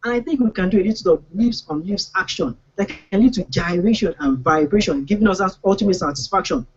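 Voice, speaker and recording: A man's voice: sits high, fast, breathy edge, lo-fi sound. A man with a Nigerian accent performing comic spoken word poetry in a rhythmic, rhyming style, recorded live on a poetry stage. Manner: rhythmic, rhyming delivery with mock-dramatic outbursts.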